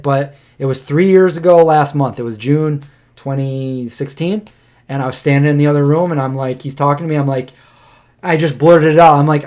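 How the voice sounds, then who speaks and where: A man in his thirties co-hosting a casual livestream podcast, rambling through a personal story and acting out what people said. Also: a little high. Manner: rambling storyteller, acts out quotes. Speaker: podcast co-host.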